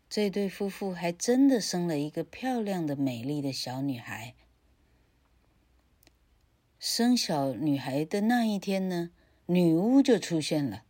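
Slow, low-voiced woman reading a story. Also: animated, dark tone. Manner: careful, measured reading with pauses. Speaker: grammar teacher. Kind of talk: bilingual story reading for learners.

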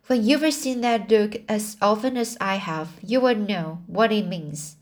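Woman voicing a grave kindly older woman, gentle, slow storybook delivery. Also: mid-range voice, close to an everyday voice.

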